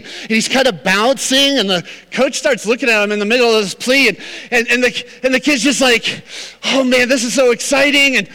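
A man preaching a sermon as pastor, telling a story with animated, acted-out quotes. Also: sits high, big-room sound.

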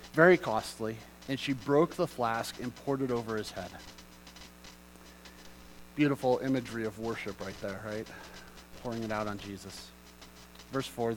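A man preaching a sermon as pastor, reading scripture aloud and explaining it, moving from quiet reading to loud, passionate emphasis. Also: mid-range voice, slight background noise, rough recording.

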